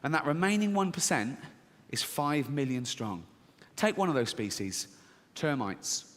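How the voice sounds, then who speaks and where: A man's voice: on the high side, unhurried. A man performing a profane stand-up comedy set, acting out characters as he tells his jokes. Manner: animated, profane, acts out characters. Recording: reverberant hall with faint ambience.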